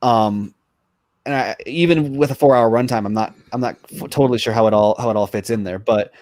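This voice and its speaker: A man in a casual podcast chat who talks quickly, hesitates and restarts his sentences. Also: mid-range voice, a little mellow, no room sound. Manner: fast, hesitant, restarts often.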